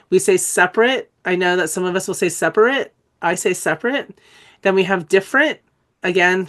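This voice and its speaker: A woman who has a cold, giving an enthusiastic, conversational online teaching presentation and spelling out letters as she explains. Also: lowish voice. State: has a cold, coughing and clearing throat. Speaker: dyslexia trainer presenting a webinar.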